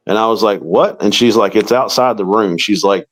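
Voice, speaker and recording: A man's voice: on the low side, normal speed, poor audio. A middle-aged man, a paranormal investigator, telling a long story in an interview and acting out the quoted dialogue.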